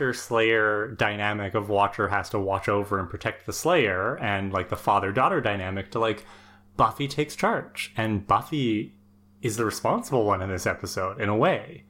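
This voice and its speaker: A man's voice: lowish voice, lively intonation, moderate pace, bright, forceful tone. Dry-humored man podcast co-host. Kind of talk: casual chat.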